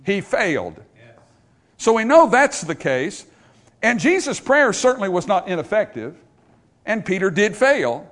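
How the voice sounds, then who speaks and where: A man preaching a sermon to a congregation, dropping to a hush for scripture and rising to loud emphasis. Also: sits high, big pitch swings. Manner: swings from hushed, drawn-out scripture quotes to loud, emphatic preaching. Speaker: pastor. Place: church in front of a congregation.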